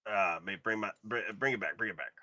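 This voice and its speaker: A man hosting a live stream, commenting excitedly on collectible figures and gushing with repeated exclamations. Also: fairly low pitch, brisk, no room sound. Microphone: streaming setup.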